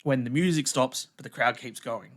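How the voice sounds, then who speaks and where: A man with a mid-pitched voice co-hosts a casual chat. He talks eagerly and rambles, restarting his sentences as he goes. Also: normal speed, fairly bright tone. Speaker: podcast co-host. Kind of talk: casual wrestling podcast chat.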